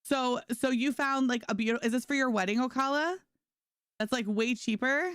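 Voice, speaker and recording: Young woman, bubbly gaming stream chat, smooth clear voice, dry close sound. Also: high voice, moderate pace, fairly bright tone, no room sound. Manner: bubbly, talks to chat and her dog, lots of "like". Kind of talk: casual live-stream chat.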